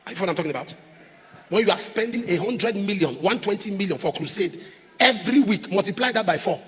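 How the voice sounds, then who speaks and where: A man preaching a sermon as a pastor, emphatic, repeating phrases and rising to shouts. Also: sits high, animated, quick pace, long reverb tail. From Nigeria.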